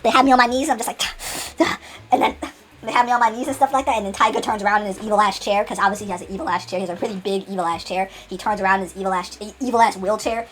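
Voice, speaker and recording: A woman's voice: mid-range voice, fairly even intonation, rapid-fire, a little hiss or hum. A woman telling an unscripted comedic story, rambling with many restarts and laughs.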